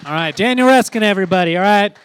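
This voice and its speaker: Loud high-voiced comedy show emcee, man. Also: very fast, slight background noise. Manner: loud, hyping the crowd. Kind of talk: emcee introduction.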